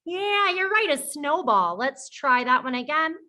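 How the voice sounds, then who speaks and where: A young woman teaching preschoolers, speaking slowly and clearly, praising them often and singing simple songs. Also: high voice, big pitch swings, bright, forceful tone.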